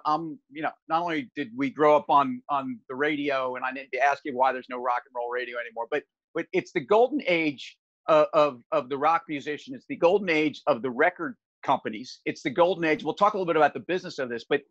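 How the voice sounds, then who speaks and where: A man hosts a casual interview, circling around his questions with restarts and fillers. His voice is a touch high and the recording sounds a little dull and dry. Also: a bit bright, dry recording. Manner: rambling, many restarts and fillers. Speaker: podcast host.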